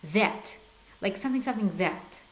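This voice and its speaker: A woman teaching an online language lesson, coaxing learners with quiz prompts and slow drilled phrases. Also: medium pitch, expressive. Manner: switches between slow drilled phrases and quick repeats. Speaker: Hebrew teacher.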